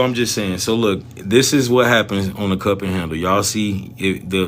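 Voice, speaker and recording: Animated slangy man hosting a trading livestream. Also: lowish voice, a little hiss or hum. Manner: animated, slangy, talks straight to viewers. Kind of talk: casual livestream chat about stock trading.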